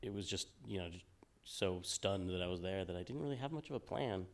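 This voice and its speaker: A man in his forties, a game designer guest in an interview, talking in a relaxed, rambling way with many fillers and restarts. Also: low-pitched, a little fast. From United States. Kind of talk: casual interview on stage.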